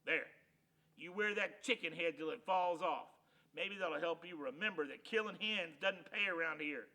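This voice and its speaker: A stern grown rancher who scolds with firm, weighty disappointment, as a man puts him on. His voice is loud, tense and forceful. Storybook reading. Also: a little high, moderate pace. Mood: scolding.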